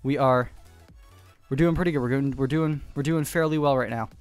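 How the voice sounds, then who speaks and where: Guy doing excitable game commentary at home, mid-pitched, repeats callouts in quick bursts. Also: faint music behind. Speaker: gaming YouTuber. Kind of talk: live gameplay commentary. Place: home room.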